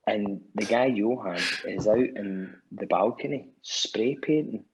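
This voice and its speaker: A man's voice: fairly low pitch, unhurried, slightly rough, muffled recording. A Scottish man, a musician guest, telling a rambling anecdote on a podcast and acting out what people said. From Scotland. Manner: animated storyteller acting out quotes, many restarts.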